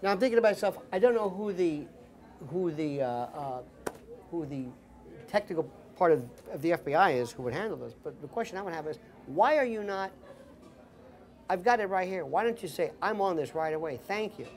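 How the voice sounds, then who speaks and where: Animated storytelling man, lively pitch. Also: brisk. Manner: animated storyteller, acts out quotes in voices. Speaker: political commentator guest. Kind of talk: casual dinner table conversation. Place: dinner table.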